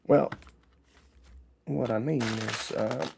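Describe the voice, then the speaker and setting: A man's voice: medium pitch, takes it slowly, gravelly, noisy background. Man from Illinois with a Chicago accent, solo show host, casual and talkative, explains through rhetorical questions. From Midwest, Illinois. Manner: chatty, asks and answers his own rhetorical questions. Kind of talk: casual educational monologue.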